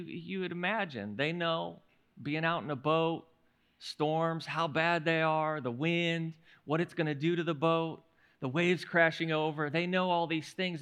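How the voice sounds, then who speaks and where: A male pastor preaching a sermon in an animated storytelling manner, often restarting his words. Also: sits high, clear, resonant tone.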